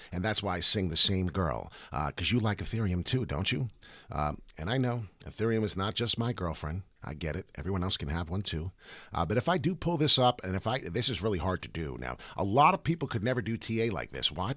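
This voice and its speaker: Male crypto livestream host, lowish but bright tone, rambling and profane, slight morning rasp. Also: fairly quick, no echo. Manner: animated, rambling, swears freely. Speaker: crypto chart analyst host. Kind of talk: casual livestream market commentary.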